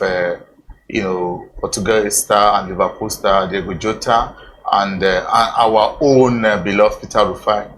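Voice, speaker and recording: A man with a Nigerian accent hosting a TV sports show in a studio, speaking haltingly with many fillers and repeated phrases. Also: lowish voice, fairly even intonation, a bit bright, rough recording. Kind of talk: studio discussion, casual.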